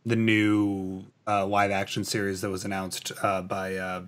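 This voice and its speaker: A man's voice: deep voice, monotone, measured pace. A man from Canada hosting a casual podcast, reading out viewer comments in a rambling, filler-heavy, enthusiastic way. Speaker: podcast host.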